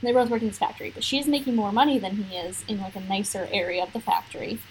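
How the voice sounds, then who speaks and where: A woman's voice: medium pitch, fairly even intonation, racing, background noise. A young woman co-hosting a podcast, talking bluntly and emphatically in a casual chat, with many fillers. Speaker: podcast co-host.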